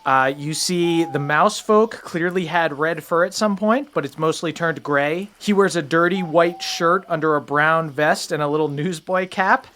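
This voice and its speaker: A game master calmly describing scenes in a tabletop role-playing game. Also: medium pitch, a little slow, hardly any pauses, a little hiss or hum.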